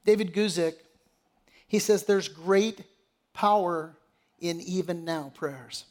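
Male pastor, sermon delivery, mixes scripture reading with plain-spoken paraphrase, hushed emphasis. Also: high-pitched, a little slow, pauses often.

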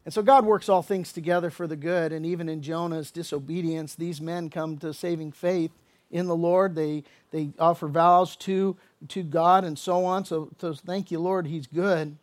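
A man's voice: on the high side, steady tone, normal speed. A man preaching a sermon as pastor, explaining scripture in a casual, conversational way with humorous asides and acted-out dialogue. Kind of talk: expository sermon.

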